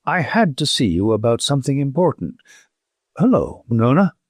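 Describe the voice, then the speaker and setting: A man voicing a nervous, bewildered middle-aged gentleman who speaks in halting, distracted bursts. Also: medium pitch, very animated, no echo, studio quality.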